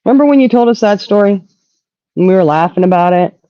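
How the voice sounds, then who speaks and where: A woman hosting a casual live-stream talk show, indignant and animated, swearing freely. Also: medium pitch, fast, no room sound, muffled recording. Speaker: host.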